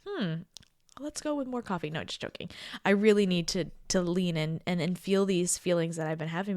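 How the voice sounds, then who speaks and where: A woman in her thirties hosting her own podcast, talking in a reflective, confiding way. She is tired and emotional, slips into soft near-whispers and laughs often. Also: mid-range voice, no echo, clean studio sound. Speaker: podcast host. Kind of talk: casual solo podcast talk.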